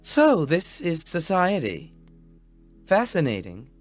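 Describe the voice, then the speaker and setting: A man voicing a deadpan sarcastic young woman. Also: on the high side, measured pace, faint music behind, pitched above the performer's own voice. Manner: caustic near-monotone deadpan. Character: dry sarcastic young woman, standoffish loner.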